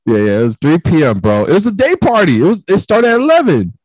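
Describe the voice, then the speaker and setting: Animated young man telling a wild story. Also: fairly high pitch, fast. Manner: animated, profane storytelling that acts out quoted lines. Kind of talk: casual chat.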